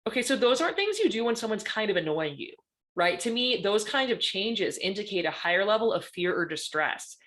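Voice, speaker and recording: A woman's voice: medium pitch, very animated, brisk, a bit bright. A woman giving a conversational presentation as a guest panelist, often checking in with "right?". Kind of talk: presentation talk.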